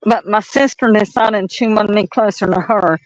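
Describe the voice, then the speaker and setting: A woman with a Southern accent from the North Carolina mountains chats and laughs into a phone while walking outdoors at night, telling drawn-out stories. Her voice is mid-range, the audio dull, with a crowd in the background.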